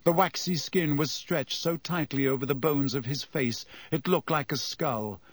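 A man reading a story aloud in measured scripted narration. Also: on the high side, dry recording. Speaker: audiobook narrator.

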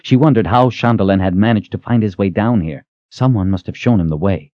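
A man narrating an audiobook with expressive storytelling. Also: lowish voice, brisk, no echo. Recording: dull, dry lo-fi recording.

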